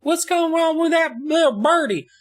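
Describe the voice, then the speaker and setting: A man voicing an excited twelve-year-old boy apprentice, pitched well above his own voice. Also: normal speed. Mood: eager. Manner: excited, wide-eyed.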